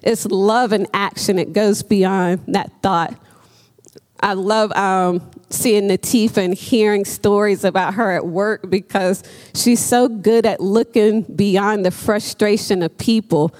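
A woman's voice: mid-range voice, fairly even intonation, takes it slowly, darkish tone, long reverb tail. A woman preaching a sermon in an earnest, emphatic way, with frequent ums as she speaks.

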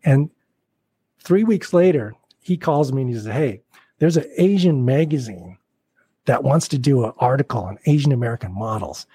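A man being interviewed as a guest actor, telling anecdotes in a casual, animated way and acting out the people he quotes. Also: mid-range voice, moderate pace, slightly rough, no echo. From Portland, Oregon.

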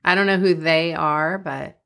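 A woman's voice: deep voice, steady tone, a little slow, gravelly, fairly bright tone. A woman co-hosting a podcast in casual chat, giggling and teasing her co-host.

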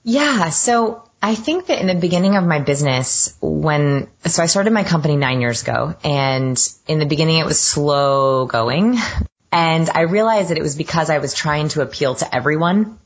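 A woman's voice: low-pitched, animated, normal speed, lo-fi sound. A woman guest on a podcast interview, explaining research with eager enthusiasm. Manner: enthusiastic, self-described science geek. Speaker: guest expert.

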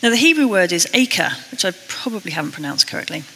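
A British woman preaching a sermon, earnest and a little self-deprecating, slowing down to read scripture. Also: fairly low pitch, big pitch swings, a bit bright, husky, in a large hall, low-quality recording. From Britain.

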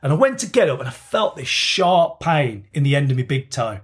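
A man's voice: on the high side, very animated, moderate pace. A man telling a long, rambling story in casual podcast banter, swearing freely.

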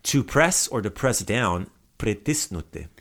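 Podcast host, male, fairly low voice, casual patient vocabulary drills. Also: very animated, unhurried, fairly bright tone. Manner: patient, repeats words for the listener to echo. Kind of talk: casual language lesson.

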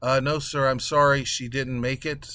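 A man voicing a hospital doctor who delivers bad news in a flat, patient way and has to repeat it. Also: mid-range voice, normal speed, no room sound, lightly acted. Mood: weary.

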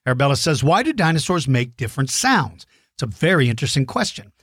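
A man's voice: mid-range voice, very animated, fast talker, a bit bright, husky, dry recording, clean studio sound. A middle-aged man hosting a children's dinosaur show, enthusiastic and encouraging, explaining things simply. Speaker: host answering kids' dinosaur questions. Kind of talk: friendly kids' show chat.

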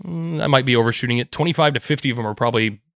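A man, a golf caddie, telling stories in an animated, laughing, casual chat. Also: mid-range voice, no echo, studio quality. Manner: animated, quick, laughing storyteller.

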